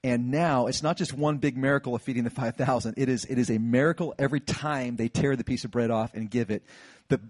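A middle-aged man preaching a sermon, retelling a Bible story with lively acted-out lines. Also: medium pitch, brisk, hardly any pauses. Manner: animated storytelling, acts out disciples' lines. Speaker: pastor.

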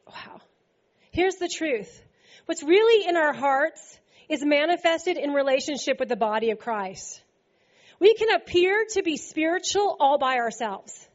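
A woman's voice: sits high, unhurried, dull audio. A woman preaching a sermon to a congregation, playful and laughing often as she acts out scripture quotes. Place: church service before a congregation.

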